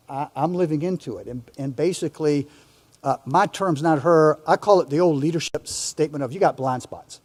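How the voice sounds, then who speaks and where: A man's voice: on the high side, a little mellow, in a large hall. An older man speaking as a panelist in a discussion, earnest and reflective, often restarting his sentences.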